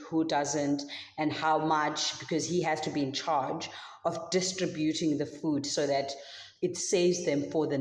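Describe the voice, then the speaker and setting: A woman leads a children's Sunday school lesson, telling the story in a casual, chatty way full of filler words. Her voice sits on the lower side. The sound is roomy, with a long reverb from a church hall. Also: a little mellow.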